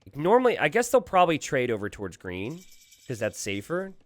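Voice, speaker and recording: A man casting a live strategy game, thinking aloud with animated asides to his viewers. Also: mid-range voice, fairly quick, no echo. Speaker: game caster.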